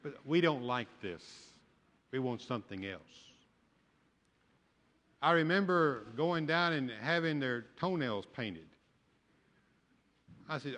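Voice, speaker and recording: A man's voice: medium pitch, lively intonation, slow pace, pauses often, a bit bright. An older man, a pastor, preaching a sermon with folksy storytelling and humor. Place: church sanctuary. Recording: long church hall reverb.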